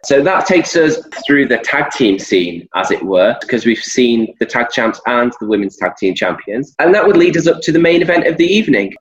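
A man co-hosting a wrestling podcast, chatting casually and animatedly retelling the show with frequent laughs. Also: lowish voice. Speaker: podcast co-host. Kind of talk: casual wrestling recap chat. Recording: dull lo-fi audio.

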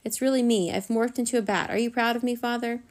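A woman squeaking out an anxious little bat. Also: fairly even intonation, close to an everyday voice. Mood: excited. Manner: squeaky, fretful, quick. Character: small squeaky anxious boy bat sidekick. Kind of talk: storybook read-aloud.

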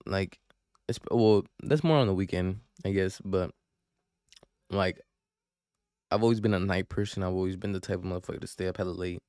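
Young man, low voice, dry close sound, profane rambling story, casual podcast host. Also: normal speed, pauses often, darkish tone, smooth, no echo. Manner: profane slangy rambling, frequent restarts.

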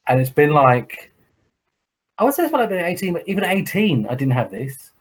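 A man's voice: a little high, sing-song, a little fast, breathy edge, low-quality recording. An English man co-hosting a podcast, telling a long sweary story in casual chat and acting out the other people in it. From England. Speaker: podcast co-host.

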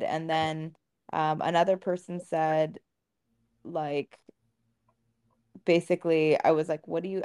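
A woman's voice: low voice, smooth. Candid, swearing woman podcast co-host. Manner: candid, swears freely, animated retelling. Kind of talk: casual podcast conversation.

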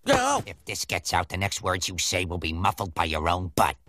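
A man voicing a gruff, grumpy male bartender with a gravelly voice and snarling threats. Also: deep voice, wildly swooping pitch, moderate pace, pushed and bright, heavily acted. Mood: menacing.

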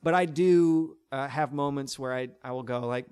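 A man's voice: medium pitch, normal speed, darkish tone, clear, resonant tone. A man with a tenor voice, a stage performer chatting in an interview, with many fillers and restarts. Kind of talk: casual interview talk.

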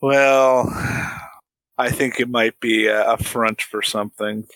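A man's voice: mid-range voice, fairly even intonation, takes it slowly, fairly bright tone. A man co-hosting a podcast, making dry, wry remarks in casual chat. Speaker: podcast co-host.

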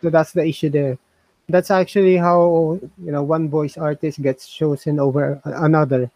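A man's voice: fairly high pitch, fairly even intonation, normal speed, dark tone, no echo, poor audio. A man co-hosting a casual chat, talking in a hesitant, musing way full of fillers and restarts. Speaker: co-host reviewing voice software.

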